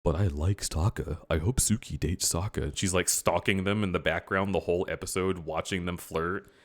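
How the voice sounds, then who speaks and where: A man's voice: low-pitched, fairly even intonation, moderate pace. A man hosting a livestream, casually retelling scenes and acting out the characters he quotes. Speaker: livestream host. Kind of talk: casual chat.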